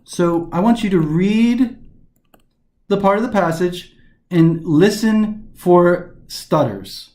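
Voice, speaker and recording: A man's voice: high-pitched, lively intonation, slow pace, darkish tone, reverberant. A man teaching a recorded prep lesson, explaining answers step by step with frequent restarts. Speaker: test prep instructor.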